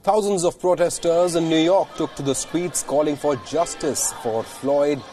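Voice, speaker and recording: A man reading a scripted news report in a steady, measured newsreader delivery. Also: fairly high pitch, soft background music.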